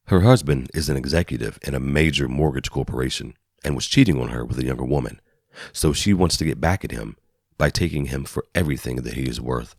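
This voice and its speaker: Brief: man with an extremely low voice, steady first-person audiobook narration, dry studio read. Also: brisk, vocal fry, no room sound.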